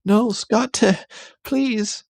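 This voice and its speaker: A man voicing a frightened young woman who pleads and cries out in a shrill falsetto. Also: drawn-out words, vocal fry, no echo, exaggerated voice. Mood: desperate.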